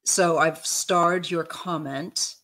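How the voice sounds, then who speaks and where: A woman hosting a casual livestream chat, gentle and unhurried, reading viewer comments aloud. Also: lowish voice, steady tone. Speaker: host.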